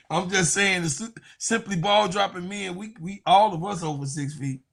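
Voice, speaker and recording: A young man with a Chicago accent hosts a loose sports talk show with a slightly raised voice. He trash-talks, jokes and laughs often, his delivery animated and playful. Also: sits high, unhurried, gravelly, pauses often. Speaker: sports commentary host. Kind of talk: casual sports talk livestream.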